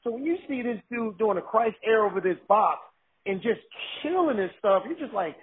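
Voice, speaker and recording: A high-pitched man tells stories with excitement, stumbling and restarting as he goes. His voice is husky. The sound is thin and narrow, like a phone line. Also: fast. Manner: excited, animated storytelling with restarts. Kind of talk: casual storytelling chat.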